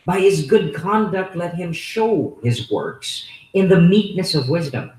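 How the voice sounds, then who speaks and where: A Filipino-accented man preaches with emphasis, hammering key words and throwing rhetorical questions at his listeners. His voice sits somewhat high for a man. The recording has a roomy echo, as in a church hall. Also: lively intonation, measured pace, darkish tone. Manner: repeats and stresses key words. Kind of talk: sermon. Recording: echoey room.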